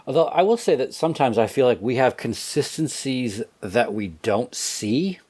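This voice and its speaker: A man on a philosophy podcast thinks out loud in an easy, reflective way. He pokes fun at his own habits of speech. His voice sits in an ordinary middle pitch. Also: expressive, moderate pace. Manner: reflective, self-deprecating, chuckles at himself. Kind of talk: casual philosophical discussion.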